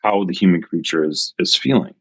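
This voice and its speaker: A man's voice: sits low, a little fast, dry recording. A man co-hosting a casual tech podcast, building an argument with many restarts. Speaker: podcast co-host.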